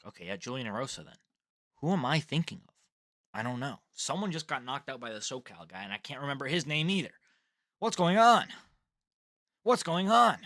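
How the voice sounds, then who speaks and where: A man's voice: medium pitch, sharp tone, no echo, studio quality. A young man giving casual solo fight predictions, rambling, swearing and laughing at his own slips.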